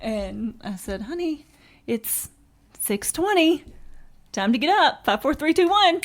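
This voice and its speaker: A middle-aged woman co-host chats in a fairly high voice. She keeps it casual and upbeat and breaks into laughter easily. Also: sing-song, measured pace. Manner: chatty and upbeat, laughs often. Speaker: podcast co-host. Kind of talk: casual group chat.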